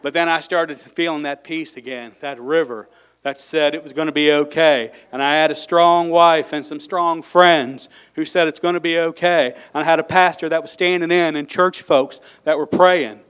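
Lay preacher, man, heartfelt and excitable; resonant, clean voice pitched a bit high. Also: normal speed, smooth, poor audio. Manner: fervent, gets worked up, sighs and exclaims between points. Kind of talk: emotional sermon.

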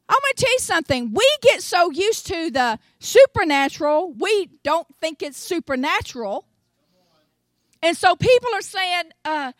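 An older woman with a Tennessee accent, preaching a sermon in an animated storytelling way, acting out voices and swinging between soft asides and loud exclamations. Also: extremely high pitch, unhurried, no echo. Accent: Southern US, Tennessee.

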